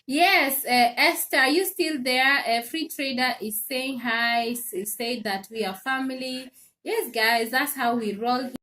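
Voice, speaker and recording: A woman hosting a casual livestream, telling an animated story with laughs and repeated phrases. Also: high voice, a little slow. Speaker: live stream host. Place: home in Sweden.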